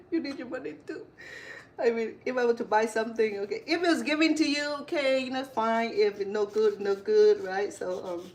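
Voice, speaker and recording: A woman's voice: medium pitch, slight background noise. A middle-aged woman chef chatting through a casual cooking demonstration, wandering into stories and correcting herself as she goes. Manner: chatty, rambling, corrects herself mid-sentence.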